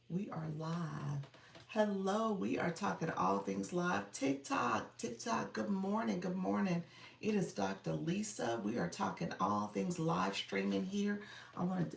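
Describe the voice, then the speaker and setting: Greeting viewers by name and laughing a lot, a woman runs a casual live coaching stream in a gravelly, mid-range voice. The mic is distant, her voice a bit off it, and the echoey room carries slight background noise.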